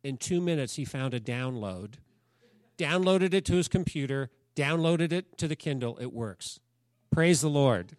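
A man's voice: a little high, expressive, unhurried, dry recording. A man preaching a sermon, talking in a conversational storytelling way and asking the congregation questions. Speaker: pastor.

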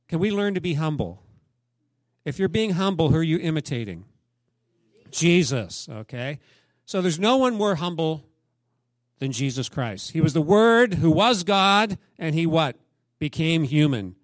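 A male pastor preaching a sermon, telling a story in an animated way with asides and questions for the congregation. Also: a little high, measured pace, long pauses, dry recording, clean studio sound.

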